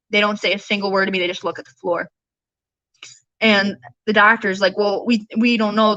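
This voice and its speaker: A woman's voice: medium pitch, bright, forceful tone, no room sound, dull audio. A young woman, a bereaved mother, recounting events earnestly and quoting the people involved. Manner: earnest, retelling events with quoted dialogue. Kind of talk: personal testimony in a podcast conversation.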